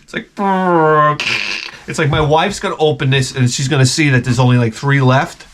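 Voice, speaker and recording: A middle-aged man rants in a rambling, profane, animated way, full of restarts. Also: medium pitch, fast, noisy background. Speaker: vlogger. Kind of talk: profane comic rant.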